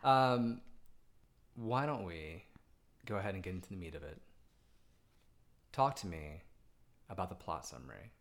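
A man's voice: sits low, lively intonation, unhurried, vocal fry, pauses often. A man co-hosting a movie review podcast, bantering in a jokey, self-deprecating way. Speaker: podcast co-host. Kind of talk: casual chat, movie review.

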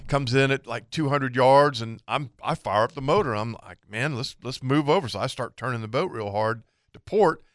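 A man's voice: medium pitch, normal speed, hardly any pauses, no echo, clean studio sound. A middle-aged man telling a fishing story as a guest on a radio show. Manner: animated, lively storyteller. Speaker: guest charter captain.

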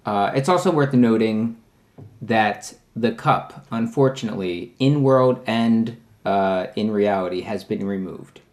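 A man chatting casually as a podcast co-host, joking and trading quick asides. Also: lowish voice, darkish tone. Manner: jokey, quick with asides and laughs. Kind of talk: casual chat.

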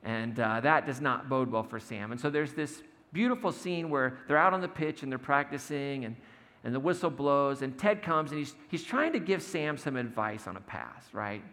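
Gravelly man preaching in a reverberant hall. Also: mid-range voice, animated, normal speed, fairly bright tone. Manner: storytelling, acts out quotes with humor. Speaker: pastor. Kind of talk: conversational sermon.

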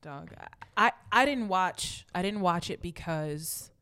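A woman's voice: fairly low pitch, animated, takes it slowly, pushed and bright, clear, resonant tone. A young woman co-hosting a podcast, telling a long emotional story in casual chat with lots of fillers and restarts. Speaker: podcast co-host.

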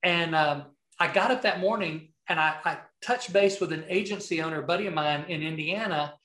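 A man's voice: fairly high pitch, fairly quick, echoey room. A middle-aged man with a Southern accent, a guest telling rambling stories in a casual interview, full of restarts. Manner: rambling, many restarts, animated anecdotes. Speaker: podcast guest, video marketing coach.

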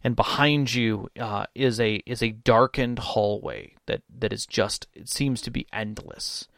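A man co-hosting a casual chat about tabletop role-playing games, rambling and halting with lots of fillers and restarts. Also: lowish voice, fairly even intonation, creaky, a bit bright, dry recording, clean studio sound. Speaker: tabletop game podcast co-host.

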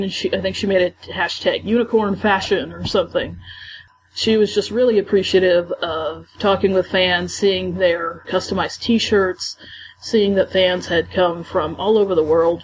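A podcast co-host with a lowish voice chats enthusiastically on a fan show, recounting stories from a convention in a casual recap. The audio is poor, with a little hiss or hum.

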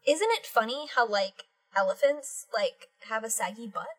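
Breathy higher-voiced woman co-host. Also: animated, moderate pace, fairly bright tone. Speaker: podcast co-host. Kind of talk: casual podcast chat.

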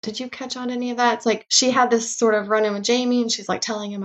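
A woman's voice: on the high side, steady tone, fast, few pauses, fairly bright tone. A woman in her thirties co-hosting a podcast, chatting casually about a TV episode, filling her talk with "like" and acting out quotes. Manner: chatty, many "like" fillers, acts out quotes. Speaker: podcast co-host. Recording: dull lo-fi recording.

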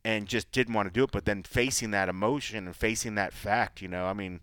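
A man's voice: fairly low pitch, a little fast, clear, resonant tone, no room sound. A man co-hosting a podcast, chatting casually and telling stories with acted-out quotes. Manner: animated storytelling, acts out quotes. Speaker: podcast co-host. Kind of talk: casual chat. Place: Las Vegas, Nevada.

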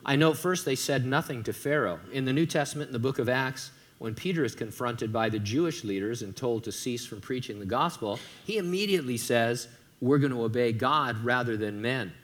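A man's voice: medium pitch, fairly quick, fairly bright tone. Conversational man preaching a sermon. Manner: conversational with joking asides. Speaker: pastor.

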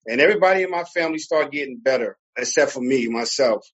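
A man with a New Jersey accent, a podcast guest telling his story in a relaxed, casual way. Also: medium pitch, quick pace, breathy edge, highs cut off. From Newark, New Jersey. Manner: relaxed storyteller, fillers and laughs. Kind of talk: casual conversation.

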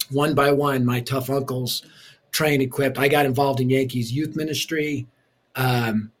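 Husky-voiced man, guest storyteller, mid-pitched, animated delivery. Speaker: ministry leader and author. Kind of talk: storytelling interview.

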